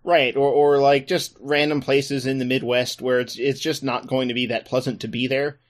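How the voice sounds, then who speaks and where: A man's voice: mid-range voice, flat delivery, moderate pace. Wry podcast host man. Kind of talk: casual sports podcast chat.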